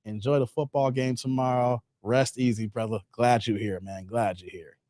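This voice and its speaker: A man's voice: medium pitch, fairly even intonation, normal speed, dark tone, dry recording, clean studio sound. A man hosting a casual live stream, reading out chat messages and talking straight to his viewers in slang, with "man" and "guys" in nearly every sentence. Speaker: live-stream host reacting to videos and chat.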